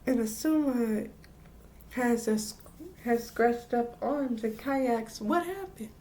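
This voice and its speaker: A woman recaps an anime episode in a casual, rambling way, stopping mid-word and starting over. Her voice is high and mellow, and she speaks at an unhurried pace. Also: steady tone. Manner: rambling with frequent restarts and laughs. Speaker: anime reviewer.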